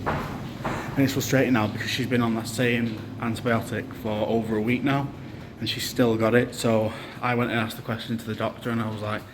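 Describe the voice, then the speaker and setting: A young man talks straight to his camera in a tired, drained voice, exhausted and short on energy. He vents his frustration in a casual diary style, at a mid-range pitch. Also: level tone, a little fast, background noise. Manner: frustrated, venting about hospital care. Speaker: new dad vlogger.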